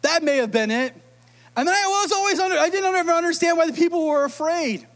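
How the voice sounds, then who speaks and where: High-voiced, animated male preacher. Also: fast talker. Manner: animated, emotional storytelling. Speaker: pastor. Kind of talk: sermon.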